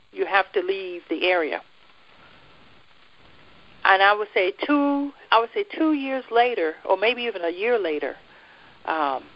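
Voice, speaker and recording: With a mid-range voice and the highs cut off, a guest from the United States recounts her personal faith testimony. She tells it with energy, laughing frequently and performing the quoted dialogue.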